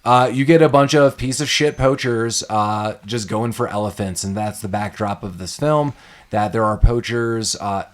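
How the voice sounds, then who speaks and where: A man's voice: on the low side, moderate pace. A young man chatting casually about a film on a podcast, rambling with many fillers and restarts. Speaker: podcast host. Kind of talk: casual movie chat.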